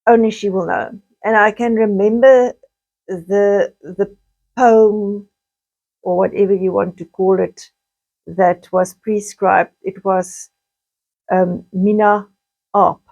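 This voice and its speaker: Middle-aged woman, unhurried hesitant personal storytelling, average pitch. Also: steady tone, darkish tone, highs cut off. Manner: slow, halting, with frequent restarts and pauses. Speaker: vlogger recounting childhood memories.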